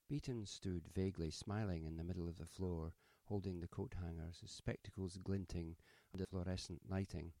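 A man narrating a story in a measured, even audiobook manner. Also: low-pitched, dry recording.

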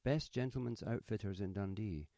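A man's voice: lowish voice, normal speed, gravelly, dark tone, dry recording, studio quality. A man reading a story, voicing a smartly dressed young woman who speaks primly and coldly. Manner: prim, clipped, coldly polite.

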